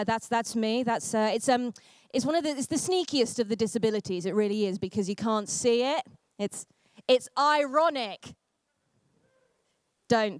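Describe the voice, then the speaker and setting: A young woman doing a stand-up comedy set, sardonic and self-deprecating, with quick asides to the audience. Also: on the high side, fairly bright tone, no echo.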